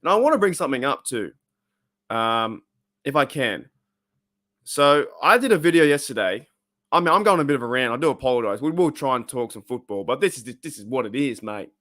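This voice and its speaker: A man's voice: medium pitch, expressive, a little fast, a bit bright. A man hosting a live fan stream, rambling and fired up while he chats with viewers. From Australia. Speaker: fan channel host.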